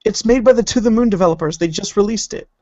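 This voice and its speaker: A man's voice: high voice, fast talker, warm tone, dry recording, lo-fi sound. A man co-hosting a casual podcast who chats eagerly and trails off while searching for things. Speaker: podcast co-host. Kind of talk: casual chat.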